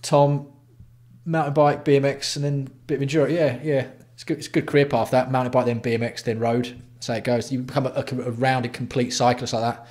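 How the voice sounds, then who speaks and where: A man's voice: mid-range voice, level tone, fairly quick, darkish tone. Sweary, blunt man chatting on a livestream. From England. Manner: blunt, sweary, banters with chat. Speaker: livestream host. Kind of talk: casual livestream chat.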